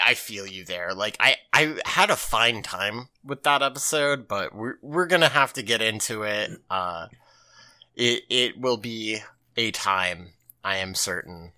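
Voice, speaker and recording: Man, podcast host, casual recap, swears freely, lively pitch, bright tone. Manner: loose and animated, swears freely.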